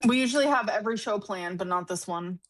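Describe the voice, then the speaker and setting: A woman's voice: medium pitch, fast. A woman co-hosting a livestream, talking in a casual, offhand way. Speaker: livestream co-host.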